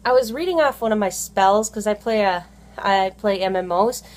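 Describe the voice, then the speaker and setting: In a casual vlog, a stay-at-home mom talks at a moderate pace with a mid-range voice. Her monologue rambles, she often goes back to fix what she said, and "you know" crops up again and again.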